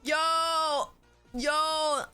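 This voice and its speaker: A woman's voice: high voice, steady tone, extremely slow, bright, forceful tone, soft background music. A woman livestreamer chatting casually and playfully, laughing and thanking viewers for donations. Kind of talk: casual live-stream chat.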